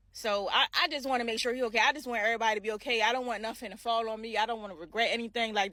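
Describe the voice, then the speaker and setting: A woman's voice: on the high side, no room sound. A woman vlogger telling a dramatic story in a casual storytime style, acting out heated quotes and talking straight to her viewers. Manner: dramatic retelling with shouted quotes, addresses viewers directly.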